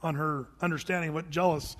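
A man's voice: fairly high pitch, fairly even intonation, quick pace, fairly bright tone, long reverb tail. A middle-aged man, a pastor, preaching a sermon in a conversational way, with rhetorical questions and asides to the congregation.

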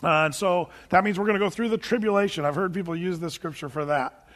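This high-voiced, fast-talking middle-aged pastor delivers his sermon in the church sanctuary, mixing scripture readings with a chatty, joking rapport with the congregation. His tone is fairly bright, and the space sounds large and open.

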